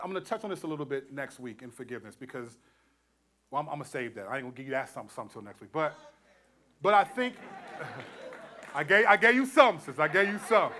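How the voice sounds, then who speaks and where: Middle-aged male pastor, bright and somewhat high, animated storytelling sermon. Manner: animated storyteller, acts out quotes, laughs often. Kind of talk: sermon teaching.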